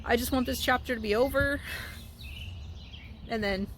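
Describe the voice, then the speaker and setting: In this casual vlog, the young woman talks at normal speed in a voice on the high side, nervous and rambling, frequently starting her sentences over. It's filmed at home, indoors and beside the car outside, with slight background noise.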